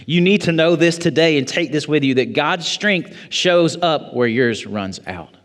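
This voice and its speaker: A man preaching a sermon as pastor, quoting scripture in a measured way and building to emphatic high points. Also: lively intonation, a bit bright. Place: church sanctuary. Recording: long church reverb.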